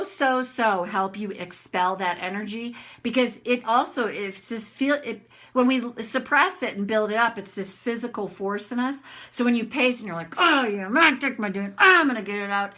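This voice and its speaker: A woman's voice: fairly high pitch, bright, forceful tone. A middle-aged woman coach talking frankly to viewers in a casual live session, swearing freely and acting out her own rants.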